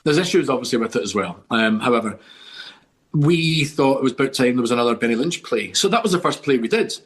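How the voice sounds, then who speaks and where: Fast-talking and expressive at medium pitch, this Scottish podcast guest is middle-aged and full of enthusiasm. His long, rambling stories in casual conversation come with many restarts.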